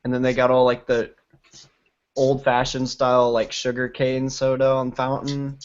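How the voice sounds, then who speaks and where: A man with a stuffed-up, congested voice talks at an ordinary pitch, rambling through stories and swearing freely. The audio comes through slightly dull and muffled, as on a home stream. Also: monotone, normal speed. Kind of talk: casual chat on a livestream.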